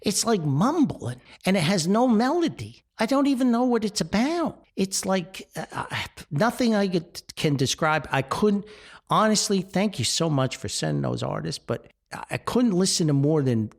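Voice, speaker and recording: An older man with a gravelly voice hosts a grumpy rant podcast, exasperated and often laughing. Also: high-pitched, big pitch swings, moderate pace. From Paterson, New Jersey. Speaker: podcast host.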